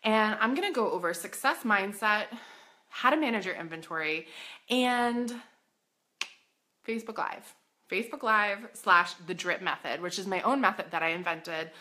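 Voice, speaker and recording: A woman coaching boutique owners in a casual live stream, bubbly and excitable, chatty and full of "like.". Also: medium pitch, normal speed. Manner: chatty, says "like" often.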